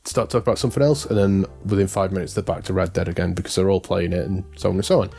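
A man's voice: low voice, steady tone, racing, gravelly, warm tone, soft background music. A man co-hosting a podcast, talking in a casual, rambling way and often correcting himself. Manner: rambling, self-correcting, amused. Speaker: podcast co-host. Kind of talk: casual chat.

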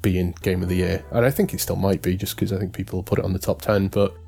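A man's voice: low voice, flat delivery, quick pace, vocal fry, warm tone. A man co-hosting a podcast, talking in a casual, rambling way and often correcting himself. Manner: rambling, self-correcting, amused. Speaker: podcast co-host. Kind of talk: casual chat.

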